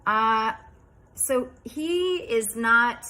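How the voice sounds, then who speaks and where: A woman in her fifties casually recounting a strange dream, chatty and rambling, dropping into quiet asides. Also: a little high, lively intonation, drawn-out words, low-quality recording. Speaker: vlogger.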